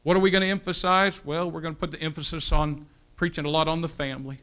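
A man in his fifties from the United States preaching a sermon, building to loud impassioned peaks and dropping to hushed asides. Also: on the high side, level tone, quick pace. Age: 50s. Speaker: pastor. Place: church sanctuary.

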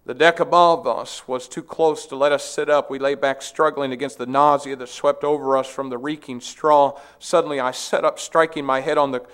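A man's voice: medium pitch, steady tone, normal speed, few pauses, fairly bright tone, clean tone. A man preacher reading a memoir aloud to his congregation in an earnest, dramatic way.

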